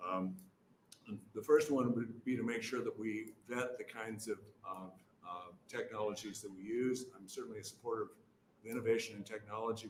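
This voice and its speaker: A man gives earnest testimony to a committee, stumbling and restarting as he hurries. His voice sits on the low side and echoes in a roomy hearing chamber. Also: slight background noise. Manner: earnest, stammering, many restarts. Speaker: witness testifying. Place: hearing room.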